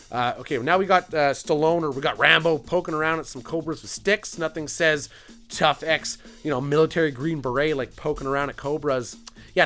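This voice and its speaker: Male film reviewer, slightly high voice, casual and profane, rambles and jokes through a movie recap over faint music. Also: sharp tone. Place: at a computer clicking through a film.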